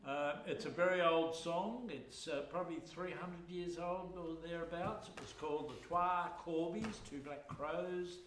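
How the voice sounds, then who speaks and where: Chatty Australian man, high voice. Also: a little slow, few pauses, slight background noise. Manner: rambling, chatty, with many ums and uhs. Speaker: folk singer and bandleader. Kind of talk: live concert storytelling and folk singing. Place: music hall. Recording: echoey hall with loud accordion music.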